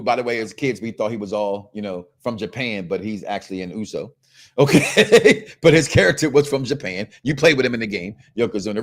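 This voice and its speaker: Animated joking Midwestern man host. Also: mid-range voice. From Chicago, US Midwest. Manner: animated, joking, keeps checking in with "okay?". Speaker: podcast host. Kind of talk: casual wrestling talk show chat.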